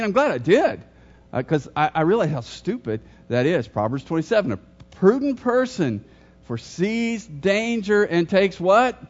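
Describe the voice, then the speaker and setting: Middle-aged pastor telling stories, dull recording. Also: male voice, fairly high pitch. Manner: storytelling, jokes and questions to the congregation. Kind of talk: sermon.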